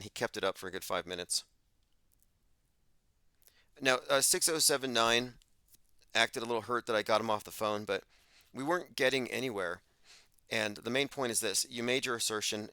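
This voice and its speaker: A man hosts a live call-in show from a close, dry mic, lecturing in a blunt, dismissive way. His voice sits a little low yet comes out bright and forceful. There is no room sound around him. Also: no echo.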